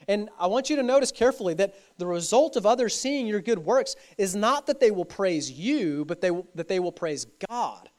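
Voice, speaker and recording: Man, pastor, sermon, earnest, repeats phrases, fairly high voice. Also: expressive, normal speed, darkish tone. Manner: earnest preaching with repetition for emphasis.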